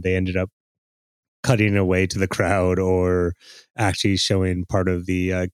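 A man's voice: low voice, a little mellow, clean tone, dry recording. A man co-hosting a podcast, chatting casually about football with frequent fillers and restarts. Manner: chatty, hesitant with many fillers. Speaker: podcast co-host. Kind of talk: casual sports chat.

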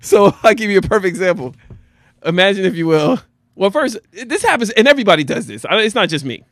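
A man with a New Jersey accent co-hosting a casual podcast, animated and laughing often. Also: high-pitched, dry recording, clean studio sound. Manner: animated, laughs often, acts out voices in quick bits. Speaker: podcast co-host. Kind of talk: casual chat.

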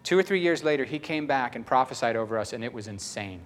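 Animated preaching man, storytelling. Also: mid-range voice, fast. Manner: storytelling, acts out quoted voices, shifts from loud to hushed. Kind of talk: sermon.

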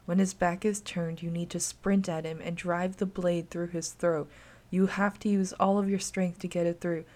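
Woman doing a calm gentle ghost girl, soft and soothing. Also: fairly low pitch, moderate pace, natural voice.

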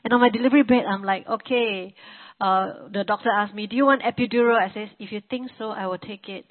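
A woman gives a sermon as a personal testimony, speaking at a middling pitch. She talks conversationally, circling back with "you know" and restarting her sentences. The recording is thin and narrow, as if heard down a phone line. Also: fairly even intonation, brisk. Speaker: preacher.

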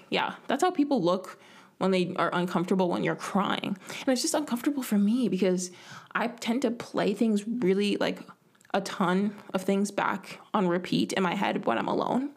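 A woman's voice: medium pitch, vocal fry. Young woman, solo podcast host, casual storytelling, rambling, self-mocking, whispered asides, home mic. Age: young adult.

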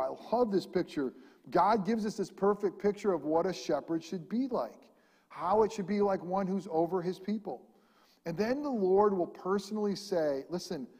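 Male pastor, sermon, high voice, dynamic delivery, long hall reverb. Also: husky. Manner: animated preaching, swinging between loud emphasis and quiet.

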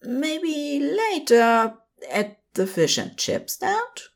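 A woman's voice: high-pitched, wildly swooping pitch, very slow, vocal fry, pitched above the performer's own voice, full character voice. A woman voicing a prim, fussy man who babbles eagerly when flustered, in a storybook reading.

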